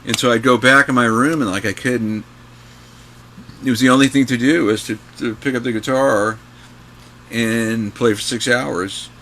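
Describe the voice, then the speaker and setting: A man's voice: medium pitch, steady tone, moderate pace, fairly bright tone, slight background noise. A man in his sixties from New York, a guest guitarist telling rambling stories with many fillers and restarts. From New York, USA. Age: 60s. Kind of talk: casual anecdotal storytelling.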